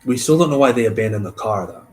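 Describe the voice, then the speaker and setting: A man hosting a stream, reading a case aloud and thinking out loud between passages, trailing off and restarting. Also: mid-range voice, animated, fast, poor audio. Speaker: host.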